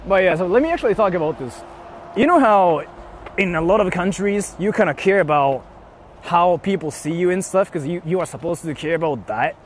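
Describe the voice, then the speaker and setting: Lively, animated young man chatting. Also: high-pitched, brisk, slight background noise. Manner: animated, playful and sweary. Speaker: streamer. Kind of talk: casual live-stream chat reading donations.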